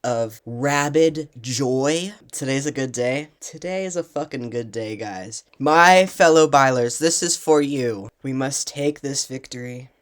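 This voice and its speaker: Home vlogger, fan analysis; passionate, profane, prone to loud excited rants. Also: mid-range voice, measured pace, few pauses.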